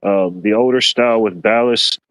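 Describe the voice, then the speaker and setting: A man hosting a casual podcast discussion, reasoning aloud in a measured, hedging way and repeating himself often. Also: fairly low pitch, fairly bright tone, low-quality recording.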